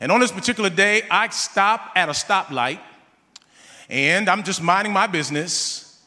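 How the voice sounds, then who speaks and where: Animated preacher with a bright voice. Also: male voice, high voice, normal speed, long reverb tail. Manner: animated storytelling, calls on the congregation. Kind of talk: sermon with a comic personal story.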